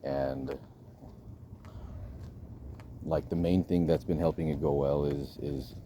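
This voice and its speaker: With an extremely low, mellow voice, a vlogger rambles to the camera about dating. His talk is profane and full of repeated words and restarted sentences, and a faint hiss or hum runs underneath.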